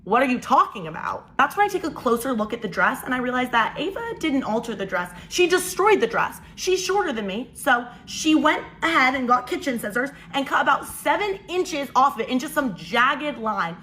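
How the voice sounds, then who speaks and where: A young woman telling a casual storytime monologue, animated and incredulous as she recounts events. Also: high voice, brisk, few pauses, slight background noise, low-quality recording. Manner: animated, incredulous, quotes people in changed voices.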